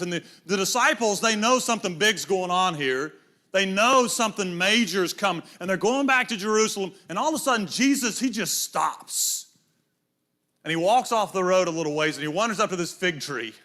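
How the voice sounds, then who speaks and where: Middle-aged guy preaching in church, high bright voice, tells stories and does little voices. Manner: storytelling, acts out voices in quotes. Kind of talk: sermon.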